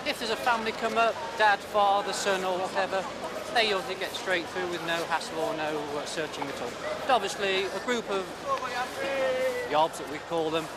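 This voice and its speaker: A police officer explaining crowd searches in a measured way, saying "obviously" often. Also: male voice, high-pitched, fairly even intonation. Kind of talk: interview answer. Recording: loud street noise outdoors.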